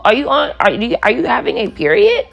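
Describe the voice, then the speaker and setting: A woman's voice: a little high, wildly swooping pitch, a little fast, vocal fry, fairly bright tone, dull audio, faint music behind, exaggerated voice. A woman voicing a baffled man who asks prying, incredulous questions.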